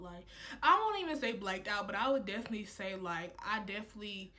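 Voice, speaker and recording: A young woman telling a heated storytime to camera, animated and full of "like" fillers. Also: mid-range voice, slight background noise. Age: young adult. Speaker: college student vlogger. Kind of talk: casual storytime.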